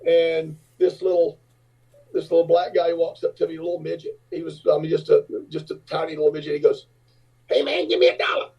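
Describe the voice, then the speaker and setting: Husky-voiced man telling rambling stories. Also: fairly high pitch, monotone, fairly quick, recorded from a distance. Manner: rambling, filler-heavy anecdotes. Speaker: podcast guest, rock singer and entrepreneur. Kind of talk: casual storytelling. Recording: dull lo-fi audio.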